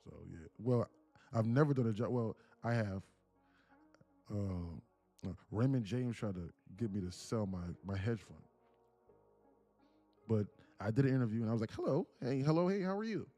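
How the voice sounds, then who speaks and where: A man's voice: on the low side, moderate pace, pauses often, warm tone, no room sound, soft background music. A man hosting a livestream, rambling and joking casually in a loose rant. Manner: rambling, joking, laughs often. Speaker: day trading livestreamer.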